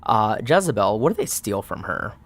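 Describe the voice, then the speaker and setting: A man playing a solo tabletop game, muttering dice counts aloud and narrating the results in a relaxed, casual way. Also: on the low side, normal speed. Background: faint background music.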